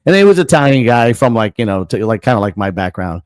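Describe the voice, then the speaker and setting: A man's voice: fairly low pitch, quick pace, no room sound. A man hosting a casual podcast chat, telling a story full of swearing and acting out the people in it. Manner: profane, animated storyteller acting out quotes. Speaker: podcast host.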